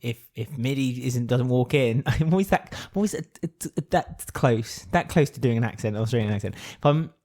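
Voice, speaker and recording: A man's voice: mid-range voice, moderate pace, hardly any pauses, mellow. A man co-hosting a podcast, chatting animatedly, laughing often and acting out quotes. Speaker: podcast co-host. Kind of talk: casual chat.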